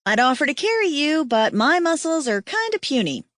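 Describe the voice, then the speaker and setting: A woman putting on a bubbly young huntress with a lively, slangy delivery that jumps up high when she gets excited. She sounds close and dry, as in an audiobook read. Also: moderate pace, no room sound. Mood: concerned.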